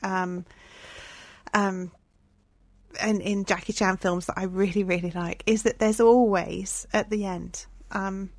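A woman chats warmly and earnestly as a podcast co-host. Her voice sits at a middle pitch. The recording is close and dry. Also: fairly even intonation, slow pace, no echo. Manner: chatty, upbeat, earnest. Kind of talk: casual chat.

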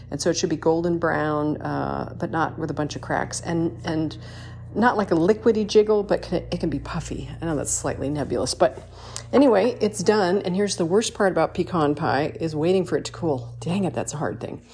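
A woman's voice: deep voice, fairly quick, a little mellow, a little hiss or hum. A woman hosting a casual home baking vlog in her kitchen, chatty and enthusiastic, with lots of ums and appreciative mms. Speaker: baking show host.

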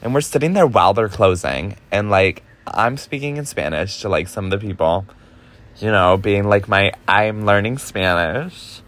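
A man's voice: fairly low pitch, normal speed, a bit bright. Chatty young man telling a story. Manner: chatty, heavy use of "like", profane. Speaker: podcast host. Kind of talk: casual storytelling.

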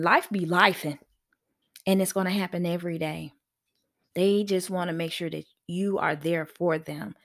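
A woman hosting a casual podcast, telling stories animatedly, laughing often and acting out quotes. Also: on the low side. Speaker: podcast host. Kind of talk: casual storytelling monologue.

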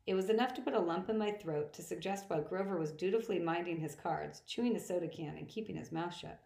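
A woman narrating a novel in the first person with plain, even storytelling, recorded in an echoey room. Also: on the low side, quick pace, gravelly. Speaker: audiobook reader.

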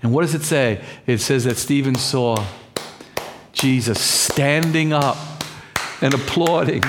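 A man's voice: mid-range voice, measured pace, background noise. A man preaching a sermon as pastor, fervent and repetitive, often restarting his words.

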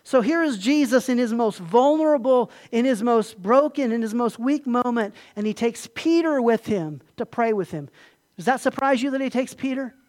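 A man's voice: very high voice, expressive, normal speed, darkish tone. Man preaching an emphatic sermon. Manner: emphatic, asks the congregation questions. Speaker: pastor.

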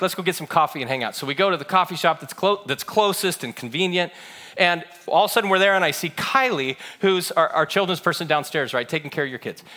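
A man's voice: sits high, pushed and bright. A man preaching a sermon as pastor, telling stories with animation and acting out the voices of others in them.

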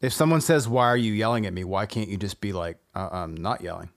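Laid-back, low-voiced male podcast host. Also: expressive, quick pace. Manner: laid-back, teasing, talks his friend down. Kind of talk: casual chat.

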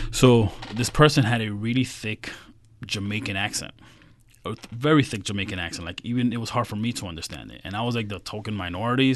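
A middle-aged man from Queens, a financial advisor telling stories in a casual interview and acting out the quotes. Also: fairly low pitch. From Queens, New York. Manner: animated, acts out quotes.

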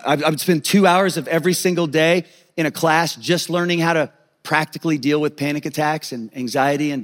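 A middle-aged male pastor giving an earnest, confessional sermon, sharing personal testimony with many stammered restarts. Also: fairly high pitch.

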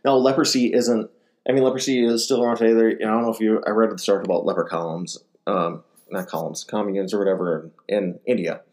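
With a lowish voice and a quick pace, a man preaches a conversational sermon as a ministry speaker. He retells the gospel stories casually, animated and acting out quotes, with plenty of casual fillers.

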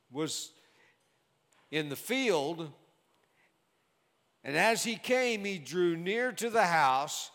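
High-voiced slow preacher, reverberant hall. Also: male voice, fairly bright tone. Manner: measured, emphatic Bible exposition. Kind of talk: sermon. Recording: long reverb of a large hall.

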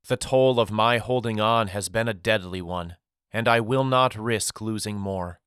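A tender, grieving mother speaks softly and with measured calm, as a male audiobook narrator puts her on. Her voice is smooth and low, and her pace is unhurried. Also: no echo, studio quality. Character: grieving gentle mother saying farewell. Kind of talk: audiobook character voice.

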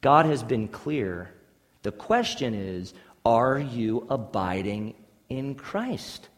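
A man's voice: medium pitch, animated, takes it slowly, long reverb tail. A man preaching a sermon as pastor, emphatic, with repeated phrases and rhetorical questions.

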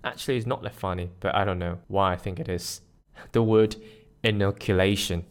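A man's voice: sits low, steady tone, brisk. A man from Malaysia hosting a scripted solo podcast, joking at his own expense and drilling pronunciation. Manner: playful, self-mocking, with pronunciation drills. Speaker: podcast host.

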